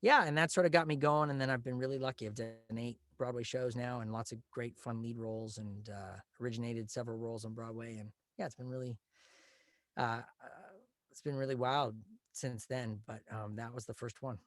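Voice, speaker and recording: A man telling stories in a casual, animated way, with quick bursts of speech. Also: medium pitch, dry recording. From Canada. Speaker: guest, Broadway actor.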